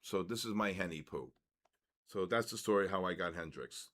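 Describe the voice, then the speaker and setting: A man in his sixties hosting a live trading session, telling stories in a casual, animated way and tagging his sentences with quick checks to the audience. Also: deep voice. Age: 60s. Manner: animated, keeps tagging 'right?' and 'okay?'. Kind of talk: casual livestream storytelling.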